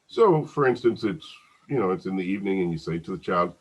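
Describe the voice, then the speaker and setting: Deep slightly raspy guy teaching a class, chatty, keeps restarting sentences, muffled recording. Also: expressive, normal speed, darkish tone. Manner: conversational, many restarts and repeated words. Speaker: psychology instructor. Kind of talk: recorded lecture.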